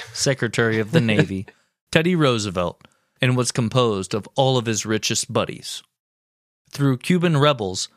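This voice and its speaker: A man co-hosting a podcast, reading a history story aloud with wry, deadpan asides. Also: medium pitch, dry recording, studio quality. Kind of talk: reading history narration with jokes.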